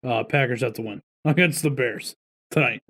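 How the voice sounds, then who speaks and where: A man's voice: mid-range voice, normal speed, fairly bright tone. Chill podcast cohost guy, mid voice, real offhand and easygoing. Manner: laid-back, offhand. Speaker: podcast co-host. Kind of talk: casual chat.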